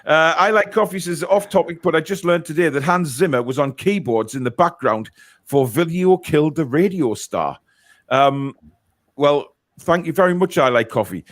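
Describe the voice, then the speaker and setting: A man's voice: a little high, animated, moderate pace, no echo, studio quality. Chatty male stream host. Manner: chatty, reads viewer comments, many fillers. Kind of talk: casual live-stream chat.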